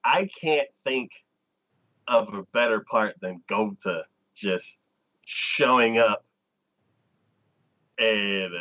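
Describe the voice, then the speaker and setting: Male co-host, casual stream chat, unhurried and halting; muffled lo-fi recording. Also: fairly low pitch, bright, forceful tone. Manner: hesitant, with many fillers, laughs often. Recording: dull lo-fi stream sound.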